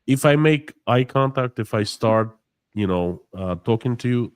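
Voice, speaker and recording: A man's voice: mid-range voice, normal speed, clear, resonant tone, no echo. A man from Russia, talking in a casual interview and acting out small exchanges as he explains. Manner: animated storyteller, acts out dialogue, many restarts. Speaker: guest.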